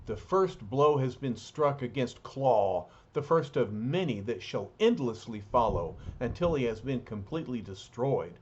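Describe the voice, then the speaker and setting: A man's voice: medium pitch, animated, a little slow, hardly any pauses, a little mellow, breathy edge. A man voicing a proud young male warrior prince from a comic book, speaking in formal, solemn declarations. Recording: dull lo-fi recording.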